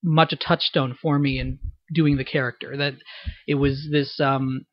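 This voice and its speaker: A man's voice: mid-range voice, little pitch movement, a little slow, no echo, muffled recording. A man, a voice actor, giving a thoughtful, explanatory audio commentary about his roles. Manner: thoughtful, explanatory, self-reflective.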